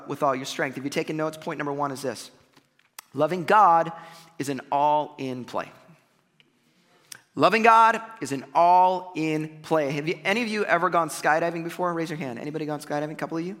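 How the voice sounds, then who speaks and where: Bright-voiced man preaching in a big hall. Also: fairly high pitch. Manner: energetic, conversational preaching with asides to the audience. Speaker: pastor. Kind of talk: sermon.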